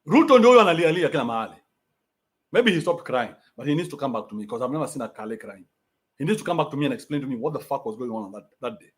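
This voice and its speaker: During a livestream rant, this young Kenyan-accented commentator mocks his targets with blunt profanity. He speaks in a medium pitch, animated and rapid-fire.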